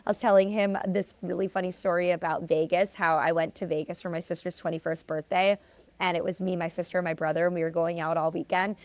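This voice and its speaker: A woman's voice: on the low side, little pitch movement, fast talker. A young adult woman hosting a solo podcast, casually telling stories in a chatty way with lots of filler words. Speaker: podcast host.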